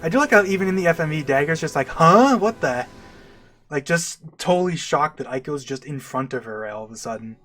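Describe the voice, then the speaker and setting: A man's voice: fairly high pitch, fast talker, hardly any pauses, a bit bright. A man casually commentating a game he is playing, chatty and laughing, with lots of "like". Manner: chatty, laughs a lot, many "like"s. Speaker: let's play commentator. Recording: faint game music behind.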